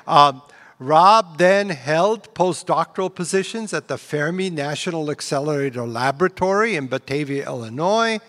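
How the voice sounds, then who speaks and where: A male event host reads out a measured introduction of the evening's speaker. His voice sits a little above the usual male range. He is heard in a big auditorium with a long, echoing reverb. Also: fairly high pitch, fairly bright tone.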